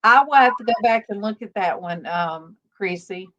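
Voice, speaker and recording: A woman hosting a casual faith-based livestream, telling stories slowly with many fillers over a video call. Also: medium pitch, lively intonation. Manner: rambling, warm storytelling with many fillers. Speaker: livestream host. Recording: dull lo-fi stream audio.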